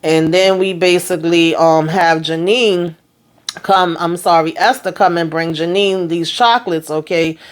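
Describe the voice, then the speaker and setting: A woman's voice: on the low side, steady tone, a little slow. A woman vlogger recapping a TV episode in casual chat, retelling scenes in quoted dialogue with sassy asides.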